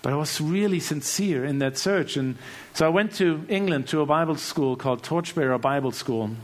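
A man's voice: fairly high pitch, moderate pace. Earnest German man giving testimony. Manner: earnest, swings from hushed to loud bursts. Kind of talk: testimony sermon.

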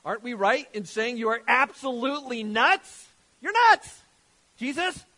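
A man's voice: extremely high pitch, fairly quick, sharp tone, in a large hall, pitched above the performer's own voice. A man voicing a group of indignant, scoffing male religious leaders, mocking and incredulous, within a sermon. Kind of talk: sermon with acted scripture dialogue.

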